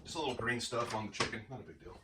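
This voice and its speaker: A man's voice: lowish voice, rapid-fire, far from the mic, heavy background noise. A man chatting casually in his home kitchen in a dry, wry, offhand way. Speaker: husband.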